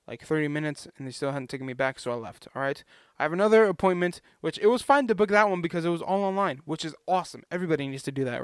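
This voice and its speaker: A man's voice: fairly high pitch, clean tone, no echo, studio quality. A young man vlogging in a casual, rambling way, chatty and self-deprecating.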